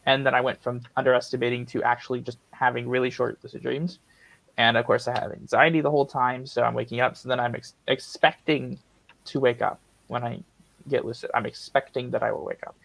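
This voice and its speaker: A man's voice: mid-range voice, flat delivery, a little fast, gravelly, fairly bright tone, poor audio. A young man hosting a live Q&A stream, answering chat questions in a blunt, direct way. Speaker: host of a lucid dreaming Q&A stream. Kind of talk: casual livestream chat.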